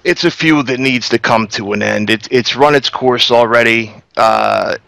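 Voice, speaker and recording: A man co-hosting a casual wrestling review, giving blunt, critical opinions in a relaxed way. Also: medium pitch, normal speed, vocal fry, dry recording.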